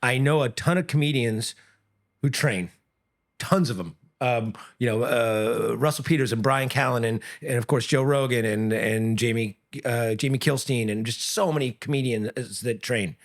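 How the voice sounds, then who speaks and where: A middle-aged man, an MMA coach and former comedian, chatting on a podcast, telling animated stories and breaking into loud, high quoted voices. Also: moderate pace. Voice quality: often breaks off and restarts sentences. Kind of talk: casual podcast chat.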